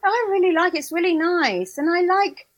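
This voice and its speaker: A woman's voice: very high voice, animated, normal speed. A woman from England, a podcast guest chatting in a friendly, candid way. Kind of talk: casual chat.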